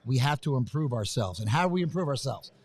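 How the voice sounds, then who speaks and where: A man's voice: medium pitch, animated, fast, a little mellow, slightly rough. Fired-up man at a hotel business conference. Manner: pumped-up, rambling, repeats "man" and "fired up". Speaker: event guest. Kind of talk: excited live interview chat.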